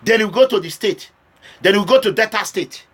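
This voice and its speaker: A Nigerian man with a high voice addresses his audience directly. His talk is impassioned and switches between stern warnings and urgent pleading. His tone is bright and forceful. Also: animated, moderate pace. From Edo State, Nigeria. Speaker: political vlogger. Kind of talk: direct-to-camera political address.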